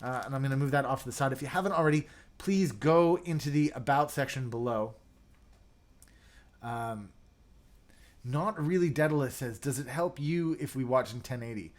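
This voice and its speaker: In a relaxed live chat, the host reads viewer comments and talks loosely, often restarting and using fillers. He has a medium-pitched voice and a moderate pace.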